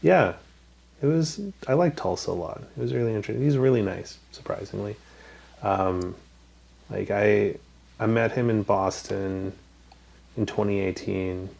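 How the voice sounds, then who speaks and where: A man's voice: fairly low pitch, unhurried, vocal fry, pauses often, darkish tone. A man from Canada hosting a casual podcast chat, telling rambling stories with lots of ums and swearing. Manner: rambling storyteller, swears freely, many ums. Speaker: podcast host.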